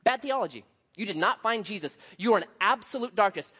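A man pastor preaching a sermon, telling a story with lively swings from hushed to loud. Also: high voice, brisk, husky. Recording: dull lo-fi sound.

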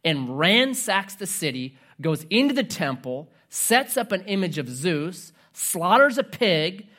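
A man preaching a sermon, telling a story in a conversational, animated way with humorous asides. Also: high-pitched. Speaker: pastor.

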